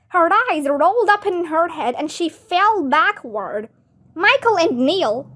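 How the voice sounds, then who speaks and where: A woman reading a children's book aloud in an expressive, animated way. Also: high-pitched. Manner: lively, expressive, voices characters with squeals.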